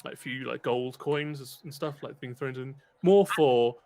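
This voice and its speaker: A man's voice: mid-range voice, moderate pace, a little mellow. A British man narrating a tabletop game as game master, rambling with many fillers and restarts.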